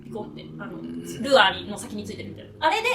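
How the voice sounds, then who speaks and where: A woman casually retelling a story in an animated, chatty way. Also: medium pitch, very fast, reverberant. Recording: loud crowd noise behind. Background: loud crowd.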